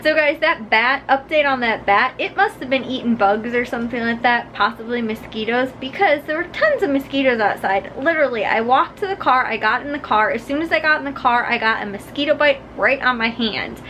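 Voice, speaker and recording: Chatty high-voiced young woman vlogging. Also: lively intonation, fairly quick, hardly any pauses, bright, forceful tone, slight background noise, rough recording. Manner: chatty, rambling, talks straight to camera. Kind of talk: casual daily vlog chat. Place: outdoors at dusk, then in a car. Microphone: handheld camera mic.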